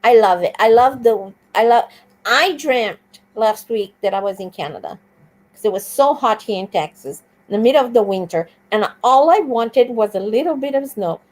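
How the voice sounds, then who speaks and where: A woman guest on a live stream, telling stories with animated enthusiasm. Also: a little high, moderate pace, poor audio. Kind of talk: casual conversation.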